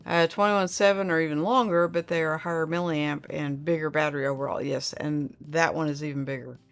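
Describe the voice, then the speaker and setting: A woman's voice: sits low, fairly even intonation, a little fast, faint music behind. A middle-aged woman, hosting a casual livestream chat and reading viewer comments aloud in a rambling, friendly way. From Oklahoma.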